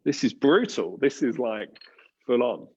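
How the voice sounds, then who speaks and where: A man's voice: mid-range voice, animated, unhurried, darkish tone, husky, dull audio. A man with an Australian accent hosting a church panel, talking through a passage in a conversational, thoughtful way with many fillers and restarts. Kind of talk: casual talk on a live panel.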